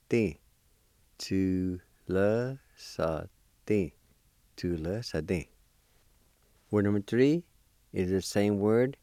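A man speaks very slowly in a lowish, mellow voice, patiently sounding out syllables for a recorded pronunciation lesson. The voice is close and dry, with an encouraging teacher's manner. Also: no echo. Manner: patient, spells out syllables one by one. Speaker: language teacher.

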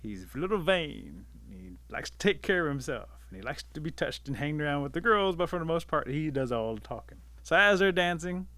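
A man telling an animal folk tale aloud in a lively, dramatic way. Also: fairly high pitch, brisk, hardly any pauses, no room sound. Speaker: storyteller. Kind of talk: oral folk storytelling.

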